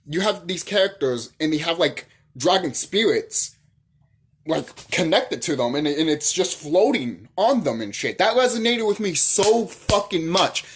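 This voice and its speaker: Brief: channel host, heated profane rant, pitch swings widely, husky edge. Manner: profane, heated, full of rhetorical questions; repeats phrases for emphasis. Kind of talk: casual ranting monologue.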